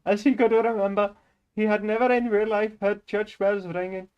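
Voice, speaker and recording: A man's voice: high-pitched, little pitch movement, moderate pace, clear, resonant tone, highs cut off, pitched above the performer's own voice, close to an everyday voice. A man reading book narration in a put-on Indian accent, in a theatrical, sing-song way. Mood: playful. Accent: put-on Indian English.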